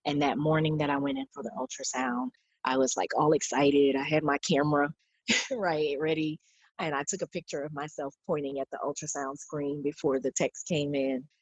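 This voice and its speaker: A woman in her forties with a low voice and a husky edge tells her story as a podcast guest. She speaks earnestly and reflectively, slipping into the words of others as she recalls them. The recording is dry and close. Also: normal speed, no room sound. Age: 40s. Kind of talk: personal storytelling in an interview.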